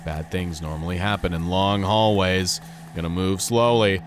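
A young man giving casual, goofy let's play commentary, excitedly talking to the game's characters. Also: deep voice, normal speed, slight background noise. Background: game music.

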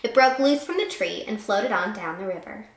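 Her voice is mid-range and her speed normal as she reads a picture book aloud to children, teacher-style. The telling is animated and expressive, with little asides here and there. The recording has a roomy echo.

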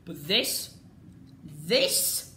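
A woman rants through a casual review, exasperated and repetitive. Her voice leaps and dips in pitch, moving from loud cries to grumbling mutters. The sound is roomy and echoey, with a faint hiss of background noise. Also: very animated, very slow. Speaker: vlogger reviewing a TV series. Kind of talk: ranting casual commentary.

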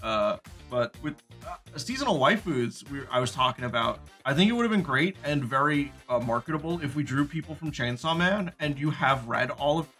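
A man's voice: medium pitch, animated, brisk, few pauses, bright, forceful tone, soft background music. A man co-hosting a casual chat while drawing, joking and laughing often. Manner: jokey, laughs often, puts on silly voices. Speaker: podcast co-host.

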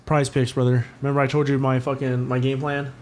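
A man's voice: mid-range voice, fairly quick, a little hiss or hum. A man co-hosting a podcast in casual chat, telling stories with plenty of profanity. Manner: profane, animated storytelling. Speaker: podcast co-host.

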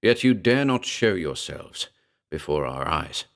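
A man's voice: a bass voice, sing-song, measured pace, gravelly, full character voice. A man playing a bitter, brooding man in an audio horror story, speaking tensely to an unseen presence. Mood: defiant. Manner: agitated, rising to anger.

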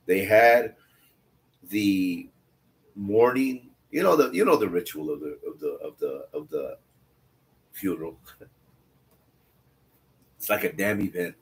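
A man's voice: sits low, expressive, takes it slowly, gravelly, pauses often. A man teaching a Bible study, reading scripture aloud and breaking off into blunt, conversational asides that repeat phrases for emphasis. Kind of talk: scripture reading with casual commentary.

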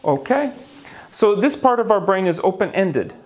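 With a high voice that swings widely in pitch at a moderate pace, a male neuroscience lecturer gives a conference talk about the brain. Facing an audience in a conference hall, he's theatrical and playful, adding gasps, asides and jokes.

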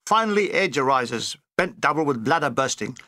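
Brief: older male author-narrator, bright lively voice, dry comic timing, close dry recording. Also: medium pitch, normal speed, dry recording. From Britain. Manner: comic, dry, animated delivery. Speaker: author reading his own memoir. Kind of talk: audiobook narration with character voices.

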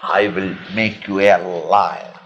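A serene old guru reassures a scared animal in a low, steady voice, as a male storyteller takes on the part. He speaks slowly and kindly, like a wise teacher in a storybook. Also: muffled recording, a faint crowd. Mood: reassuring. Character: calm old male guru comforting his pet.

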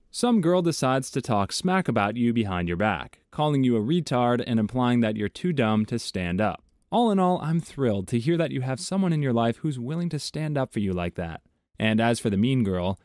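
A man reading online stories aloud in a measured, even tone, adding his own commentary between them. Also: mid-range voice, no echo, clean studio sound. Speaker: story narrator.

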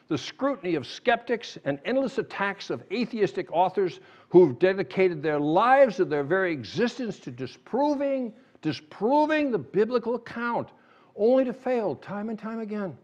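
A man preaching in a church, his voice fairly high and swinging widely in pitch as he builds to emphatic, sarcastic peaks. The recording sounds dull and lo-fi. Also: normal speed. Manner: animated, rising to emphatic sarcastic outbursts. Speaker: pastor. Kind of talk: sermon. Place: church sanctuary.

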